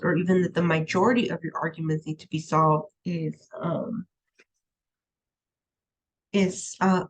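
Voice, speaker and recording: Recorded in rough audio, this online lecture comes from a college instructor speaking in a lowish voice from her room at home. Somewhere between young adult and middle-aged, she has a young daughter, laughs readily, and leans on "um" and "right?" in a conversational way.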